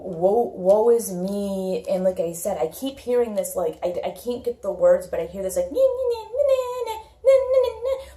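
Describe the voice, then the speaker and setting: A woman's voice: medium pitch, mellow, roomy sound. A woman giving a casual tarot reading, blunt and repetitive, thinking aloud with lots of fillers. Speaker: tarot reader.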